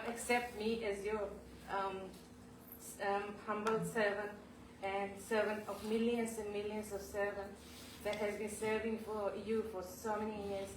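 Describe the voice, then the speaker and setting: A woman speaks an emotional tribute in a large temple hall, halting and apologetic as she fights back tears. Her voice comes from well away from the mic and rings through the roomy space. Steady background noise sits under her words. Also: medium pitch. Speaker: devotee giving a homage. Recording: echoey hall, voice from far off, clear background noise.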